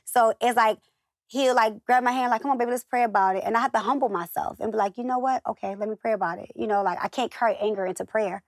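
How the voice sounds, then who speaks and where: A woman's voice: on the high side, fast, no echo, clean studio sound. A woman from the northern United States, a guest in a casual interview, chatting and acting out the voices of the people in her stories. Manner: chatty storyteller who acts out quoted voices.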